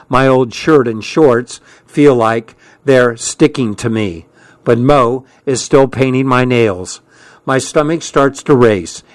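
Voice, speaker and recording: A man narrating a first-person story at an unhurried, deliberate pace. His voice sits at a mid pitch and stays calm and measured. The sound is dry and close to the mic, with no room around it. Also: no echo. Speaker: audiobook narrator.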